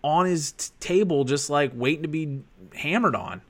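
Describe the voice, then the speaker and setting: Expecting a baby with his wife, this sports podcast co-host talks at a normal speed in a fairly high-pitched, fairly bright and animated voice. His casual chat rambles, full of fillers and restarts.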